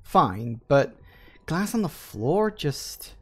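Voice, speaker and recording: A man's voice: a little high, sing-song, extremely slow, creaky, fairly bright tone, breathy edge. A man with an English Midlands accent giving chatty, joking live commentary while streaming a game and answering his chat. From England.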